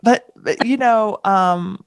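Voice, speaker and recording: Woman from the American South, middle-aged, podcast guest, animated storytelling, dry close mic. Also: mid-range voice, slow, clear, resonant tone, no room sound. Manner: animated, acts out past exchanges with rising exclamations. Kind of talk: candid storytelling in a podcast interview.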